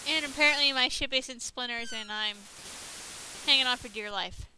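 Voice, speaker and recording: Woman let's-player, very bright tone, chatty, swears freely, reacts out loud to the game. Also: high-pitched, normal speed, a little hiss or hum, rough recording. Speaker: let's play gamer. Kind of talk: casual game commentary. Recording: game music playing behind.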